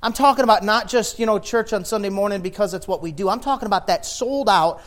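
A man preaching a sermon with passion, rising to loud shouts and dropping to quiet, low lines. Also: quick pace, hardly any pauses. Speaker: pastor.

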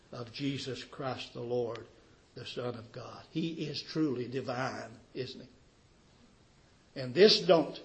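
A man preaching a sermon to a small congregation, swelling to loud emphasis on key phrases and drawing words out. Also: a little high. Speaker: pastor.

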